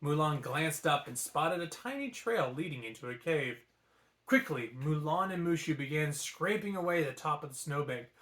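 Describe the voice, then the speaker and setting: Animated man reading a bedtime story. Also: fairly high pitch, normal speed. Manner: playful and animated, with asides. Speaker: storybook reader. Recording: echoey room.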